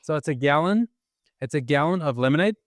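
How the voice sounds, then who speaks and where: A man co-hosting a podcast, telling an anecdote excitedly with frequent restarts. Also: on the high side, brisk, no echo, clean studio sound. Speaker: podcast co-host. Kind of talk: casual anecdote.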